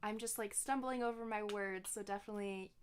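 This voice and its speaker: A woman's voice: medium pitch, fairly even intonation, brisk, a little hiss or hum. A young woman giving casual commentary while playing a video game, chatty and giggly, often correcting herself mid-sentence. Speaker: gaming streamer.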